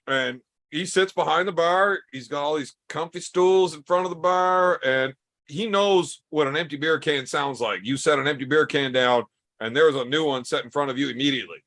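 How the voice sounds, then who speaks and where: Bright-voiced, crude teasing man. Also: a little high, normal speed. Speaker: podcast host. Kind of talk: casual chat.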